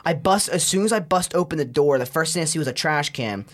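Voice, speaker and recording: Young adult man, podcast guest, a touch high-pitched, cursing and calling everyone bro as he tells a story, laughs at himself. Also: lively intonation, fast talker. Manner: profane, slangy, keeps saying "bro"; laughs at his own story. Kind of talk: casual storytelling.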